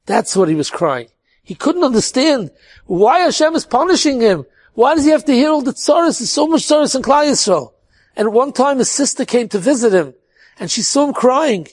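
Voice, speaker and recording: A man's voice: sits high, animated, moderate pace. A man telling an earnest inspirational story, sprinkling in Hebrew and Yiddish words.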